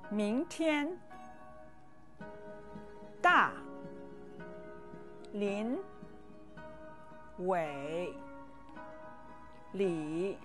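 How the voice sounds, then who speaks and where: A woman teaching a language lesson, speaking slowly and patiently and pausing for learners to repeat after her. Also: on the high side. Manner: slow, patient drills with pauses for repeating.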